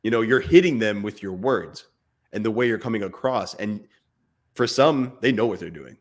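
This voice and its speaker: Earnest lowish-voiced father talking. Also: animated, normal speed. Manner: earnest, speaks in bursts, imitates barking dad voice. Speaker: podcast co-host. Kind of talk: casual chat.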